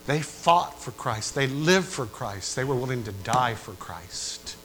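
A man preaching a sermon in a church, swinging between quiet asides and loud rising climaxes, and putting repeated questions to the congregation. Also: mid-range voice, animated, measured pace, soft background music, low-quality recording.

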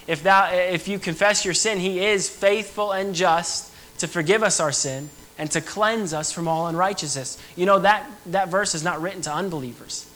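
High, bright-voiced young male preacher. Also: normal speed, few pauses, low-quality recording. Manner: earnest, emphatic preaching with rising and falling intensity. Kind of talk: sermon.

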